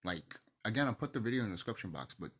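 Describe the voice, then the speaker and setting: Husky-voiced man ranting heatedly. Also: on the low side, sing-song, fast. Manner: heated, profane, preachy. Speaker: channel host. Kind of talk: ranting monologue to camera.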